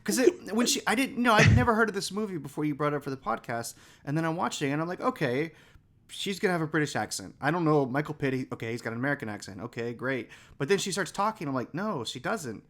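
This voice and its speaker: Guy on a movie podcast, kinda high voice, rambles on with strong opinions. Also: lively intonation, very fast, hardly any pauses, a bit bright. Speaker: podcast co-host. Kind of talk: casual chat.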